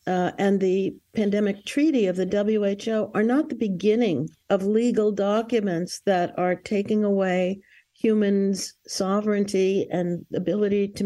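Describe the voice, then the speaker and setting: A woman with a warm, mellow voice gives earnest answers in an interview. She talks in a warning tone and often restarts her sentences with fillers. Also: mid-range voice. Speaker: guest.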